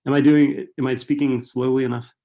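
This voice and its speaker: A middle-aged man giving an author talk at a library, speaking quickly and digressively with many restarts and fillers. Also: mid-range voice, little pitch movement, warm tone. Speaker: author and writing professor.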